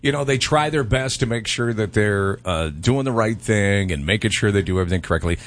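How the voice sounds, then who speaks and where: A middle-aged man co-hosting a show, telling stories in a casual, animated way. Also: on the low side, brisk, slight background noise. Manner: animated storyteller, laughs often. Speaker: radio co-host. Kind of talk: casual radio chat.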